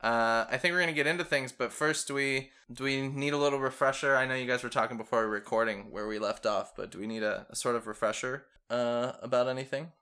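A man's voice: medium pitch, fast talker, few pauses, bright, forceful tone, clean tone. A man hosting a tabletop game podcast as the game master, joking and rambling with lots of fillers. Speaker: dungeon master and host.

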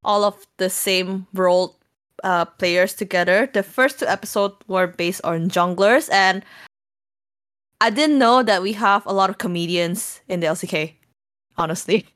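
A woman co-hosts a relaxed esports talk show. She laughs often and retells funny moments with animated, high-pitched quotes in a voice of medium pitch. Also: unhurried. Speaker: co-host. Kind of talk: casual chat.

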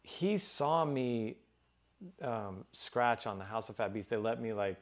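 A man's voice: lowish voice, lively intonation, a little slow. A man in his forties from Dallas, Texas, telling stories as an interview guest in a loose, profane, casual way. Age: 40s.

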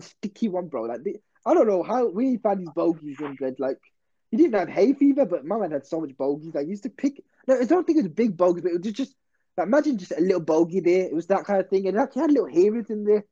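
A man's voice: high voice, big pitch swings, fast, warm tone, husky, dull audio. A young man telling a rambling, slangy story on a casual podcast. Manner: rambling, slangy, self-interrupting. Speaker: podcast host.

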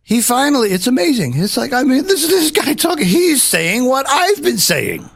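A man's voice: very high-pitched, normal speed, gravelly, no room sound, studio quality. A man hosting a political talk show, ranting emphatically and mockingly in casual chat. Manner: animated, mocking, emphatic rants. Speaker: host.

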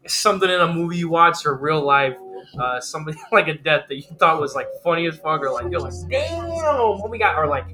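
A man's voice: fairly high pitch, quick pace, pushed and bright. A man hosting a podcast, telling a rambling, profane story in casual banter. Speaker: podcast host.

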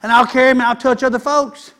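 A man's voice: extremely high pitch, level tone, fast talker, fairly bright tone. A man preaching a sermon in a folksy, conversational way.

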